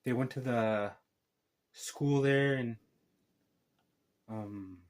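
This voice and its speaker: A man's voice: mid-range voice, very slow. A man giving a casual spoken film recap as a reviewer, rambling through a tangled retelling full of restarts.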